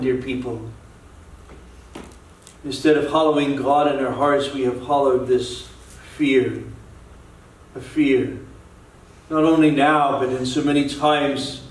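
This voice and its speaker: Earnest pastor preaching in an echoey church. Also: male voice, medium pitch, distant mic. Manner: earnest, repetitive preaching with restarts. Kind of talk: sermon. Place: church sanctuary.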